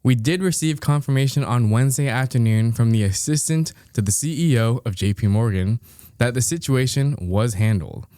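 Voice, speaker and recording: A man's voice: medium pitch, moderate pace, few pauses, mellow, no room sound. Man reading a listener story, amused. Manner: dry, amused, laughs often while reading. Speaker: podcast co-host.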